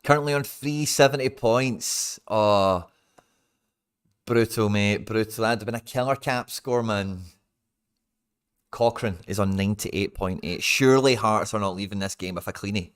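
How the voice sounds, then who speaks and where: A young Scottish man hosting a football watch-along, ranting and swearing in exasperation with sudden loud outbursts, speaking into a desk mic. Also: lowish voice, normal speed, smooth. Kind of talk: live match watch-along chat.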